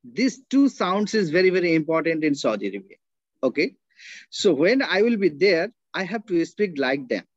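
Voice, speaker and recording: A high-voiced man with an Indian English accent leads an online workshop for teachers. The sound is dry and a little dull, like a lo-fi video call. He keeps checking in with his listeners as he explains. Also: big pitch swings, normal speed, dry recording. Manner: explains with repeated checking tags like "right?" and "okay?". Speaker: workshop speaker, linguist. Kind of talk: online teacher-training talk.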